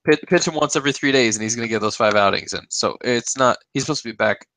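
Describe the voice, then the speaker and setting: A man's voice: medium pitch, quick pace, a bit bright. A man co-hosting a podcast in casual sports chat, joking and chuckling often. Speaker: podcast co-host.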